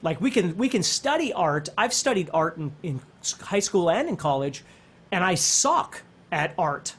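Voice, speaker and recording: Animated, high-voiced male guitar teacher. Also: moderate pace, husky. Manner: animated, talks with his hands, thinks aloud with restarts. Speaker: guitar instructor. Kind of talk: conversational teaching.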